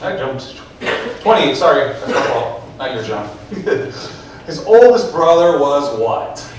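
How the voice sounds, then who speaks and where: A man's voice: a little high, very animated, slow. Brief: male preacher, conversational and questioning, distant mic in a very echoey church, faint room noise. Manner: conversational, asks the congregation questions. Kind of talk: sermon.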